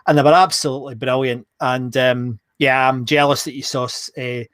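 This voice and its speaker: A man's voice: mid-range voice, fairly even intonation, normal speed, fairly bright tone, clean tone, dry recording. Chatty man on a dry mic. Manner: chatty and jokey, laughs often. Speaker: co-host of a live online show. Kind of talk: casual live-stream chat reading viewer comments.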